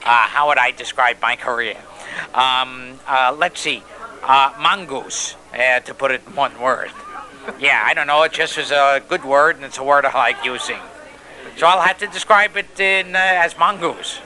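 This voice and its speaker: A male comedian as a radio guest, trading deadpan jokes with hesitant ums and uhs. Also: mid-range voice, moderate pace, rough recording. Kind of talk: joking radio interview.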